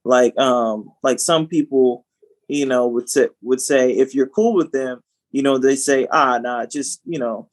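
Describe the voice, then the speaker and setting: A man's voice: medium pitch, a little slow, darkish tone. A man co-hosting a podcast in casual chat, talking animatedly with frequent restarts. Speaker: podcast co-host.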